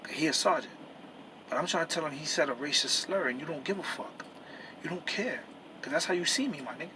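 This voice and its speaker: A truck driver talking straight to camera in a heated, profane rant that keeps repeating and restarting itself. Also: male voice, on the high side, quick pace, noisy background. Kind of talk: angry personal rant to camera.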